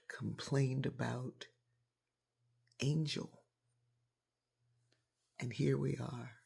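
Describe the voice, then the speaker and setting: A woman hosting a podcast, telling a personal story that drifts into whispers and ends on a reflective lesson. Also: extremely low pitch. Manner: gravelly, husky, often sinks to a whisper; reflective, closing with a gentle lesson. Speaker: podcast host.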